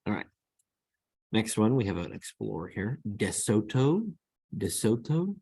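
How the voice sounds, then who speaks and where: Man, teacher, slow, lowish voice, repeats words to model them, dry close recording. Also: sing-song, mellow, husky, no echo. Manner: slow, repeats each word to model pronunciation. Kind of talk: screen-recorded lesson.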